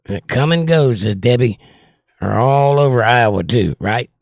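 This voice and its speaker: Gravelly, breathless man chatting on a livestream. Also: mid-range voice, animated, moderate pace, no room sound, clean studio sound. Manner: reads viewer comments aloud and jokes back. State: short of breath, voice strained. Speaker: livestream host reading chat. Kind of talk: casual chat.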